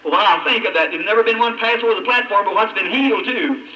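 A man preaching an emotional testimony, his voice breaking and climbing high, with long dramatic pauses. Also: pushed and bright. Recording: old echoey hall recording from a distance, faint hiss.

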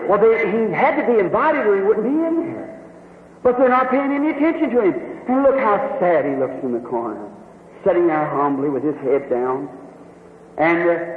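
A high-voiced man preaches with emphatic, vivid storytelling. His voice is thin and tinny like a phone line, with a long reverb from a big hall and faint noise underneath. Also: animated, normal speed. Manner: emphatic, vivid, repeats himself. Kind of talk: sermon with dramatic storytelling.

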